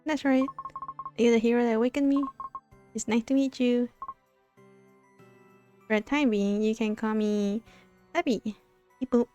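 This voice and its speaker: A woman's voice: on the high side, fairly even intonation, measured pace, pauses often, warm tone, faint music behind, close to an everyday voice. A woman voicing a cheerful talking relic in a game that says beep boop. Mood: chirpy. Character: cheerful beeping talking relic, helpful and proud.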